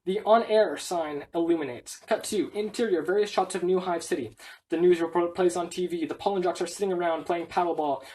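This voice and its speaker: Brief: woman reading a script aloud, brisk and matter-of-fact, stage directions and all. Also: lowish voice, dark tone.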